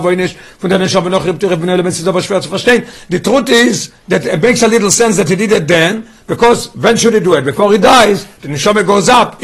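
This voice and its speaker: A man leads a Torah study class in a high, husky voice. He keeps asking his listeners questions and starts phrases over as he works through the text. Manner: questioning, restarts phrases, quizzes students. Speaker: teacher.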